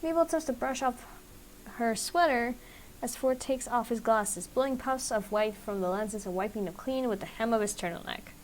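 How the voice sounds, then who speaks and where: A woman's voice: a little high, normal speed, slight background noise. A woman streamer reading a dating game aloud in a casual, chatty way. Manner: casual, chatty narration with laughs and asides.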